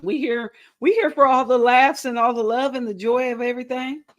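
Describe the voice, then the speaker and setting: A bubbly woman hosts a relaxed crochet livestream. She chats casually, greets each viewer warmly and reads their messages aloud. She is tired but playful and self-mocking, and giggles a lot. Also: high voice, a little fast.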